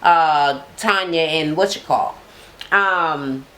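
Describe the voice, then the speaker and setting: A woman's voice: low voice, takes it slowly, a bit bright. A woman casually recapping a reality TV episode, swearing heavily and talking in slang, acting out people she quotes in a raised voice. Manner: heavy swearing, slangy, drawling.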